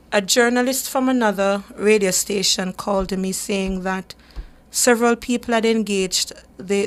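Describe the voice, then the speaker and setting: A woman hosting a talk radio show, her voice sitting at an ordinary middle pitch. She speaks with earnest emphasis and often repeats a word or two while she finds her next thought. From Jamaica. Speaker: radio show host for a human rights group.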